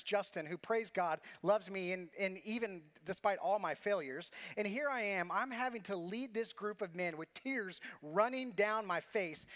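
A man's voice: sits high, a bit bright. A man preaching a sermon as pastor, earnest and confessional, telling a personal story with repeated phrases.

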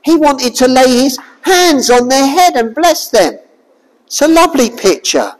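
A woman preaching a sermon, expressive and full of rhetorical questions to her listeners. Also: high-pitched, unhurried, long reverb tail, poor audio.

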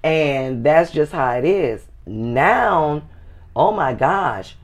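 A woman's voice: sits low, animated. A middle-aged woman co-hosting a casual advice show, folksy and calling people "honey". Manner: folksy, says "honey" often, slow and drawn out. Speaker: co-host.

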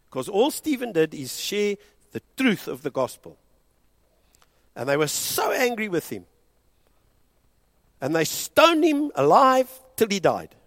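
A South African man preaching a sermon as pastor, impassioned and moving between hushed and loud delivery, switching between English and Afrikaans. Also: sits high, dry recording.

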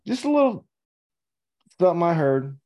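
A man's voice: fairly high pitch, sing-song, moderate pace, lo-fi sound, soft background music. A young man co-hosting a podcast, riffing with wry, crude jokes in casual banter. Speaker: podcast co-host.

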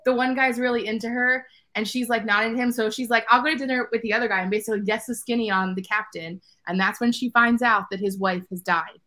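A woman's voice: a little high, a little fast, hardly any pauses. Chatty woman retelling a story. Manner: chatty, excited, reads passages with expression. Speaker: book podcast co-host. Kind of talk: casual chat and reading aloud from a book.

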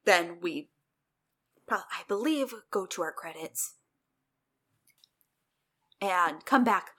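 A woman's voice: on the low side, takes it slowly. A young woman co-hosting a podcast, casually recapping an episode with sarcastic asides and acted-out quotes. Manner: animated, sarcastic, acts out quotes. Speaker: podcast co-host.

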